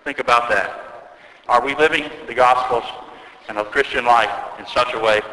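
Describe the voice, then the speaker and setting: A man preaching an earnest sermon as an Orthodox priest, telling a story and slowing down to stress key words. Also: medium pitch, bright, forceful tone. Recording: echoey church with long reverb.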